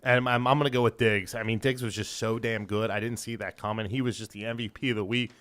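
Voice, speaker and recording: Man, podcast co-host, casual sports chat, brash, excitable, cusses a lot. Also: on the low side, fast. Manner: brash, excitable, swears freely.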